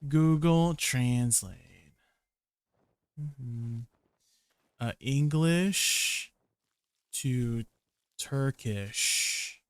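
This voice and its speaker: A man's voice: medium pitch, very slow, pauses often, clean tone, dry recording. A man chatting casually while streaming a game, laughing often and trying out foreign words. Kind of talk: casual game livestream chat.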